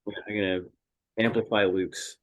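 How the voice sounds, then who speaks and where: Laid-back low-voiced male guest. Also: little pitch movement, measured pace. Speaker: podcast guest, band musician. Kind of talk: casual interview chat.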